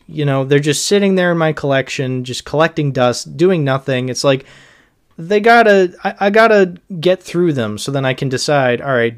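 Rambling, sardonic male podcast host. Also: mid-range voice. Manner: rambling, sardonic, lots of fillers. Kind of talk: casual solo podcast talk.

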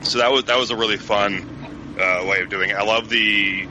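Lower-voiced thoughtful podcast guest man. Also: fairly even intonation, pushed and bright, a little hiss or hum, rough recording. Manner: measured, thoughtful, many "um" pauses. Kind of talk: casual podcast chat.

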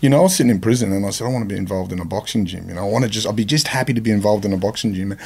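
A man's voice: lowish voice, very fast, creaky, darkish tone, slightly rough. A man hosting a podcast interview in casual chat, stumbling and restarting often and swearing casually. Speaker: podcast host.

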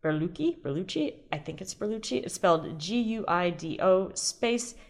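A woman's voice: medium pitch, normal speed, vocal fry. A woman hosting a casual solo podcast, chatty and rambling, often restarting and laughing. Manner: chatty, rambling, self-interrupting with frequent ums and laughs. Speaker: podcast host.

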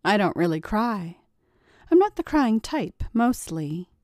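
A woman narrating a first-person story in a quiet, confiding way. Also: medium pitch, sing-song, slow pace, no echo, clean studio sound.

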